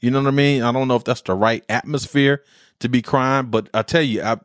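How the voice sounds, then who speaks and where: A man's voice: medium pitch, steady tone, fairly quick, no echo, studio quality. A man in his forties, a podcast host, telling personal stories in a rambling, heartfelt way with military slang. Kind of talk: casual monologue.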